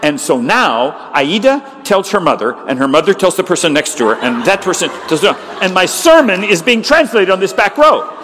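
A man preaching, telling a story in an animated way with frequent stammered restarts. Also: high voice, normal speed, few pauses, a little hiss or hum. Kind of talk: storytelling sermon. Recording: long reverb of a large hall.

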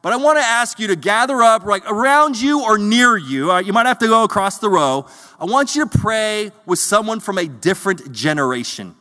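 A man preaches to his congregation in an earnest, conversational way, often stumbling and repeating words as he searches for them. His voice sits high and sounds bright and forceful. The sound carries the long reverb of a church hall. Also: lively intonation, moderate pace. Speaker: pastor. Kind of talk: sermon.

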